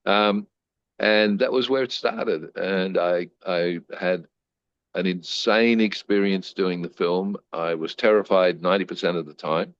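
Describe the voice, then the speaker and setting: As an interview guest, an older Australian man recounts his life stories a little slowly, keeping them lively by voicing the people he quotes. His voice is very deep and low, recorded dry and a bit dull with no room echo.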